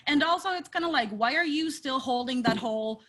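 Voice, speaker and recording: High bright-voiced woman on a wrestling podcast, sassy, swears a lot. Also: fairly quick. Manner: sassy, profane, animated. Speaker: podcast co-host. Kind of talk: casual wrestling chat.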